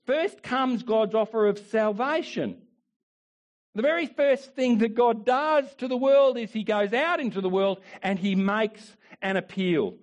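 A male pastor preaching a sermon with emphatic repetition, swinging between rising declarations and quiet asides. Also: high voice, a little slow. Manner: emphatic preaching, repeats phrases, rises and drops in volume.

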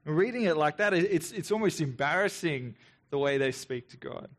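An earnest male pastor with a fairly high voice delivers a reflective sermon. He talks in an unhurried, thoughtful way, with mocking rhetorical asides. He often repeats his words as he works through each point. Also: expressive. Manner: earnest, reflective, with quick sarcastic asides when voicing the people.

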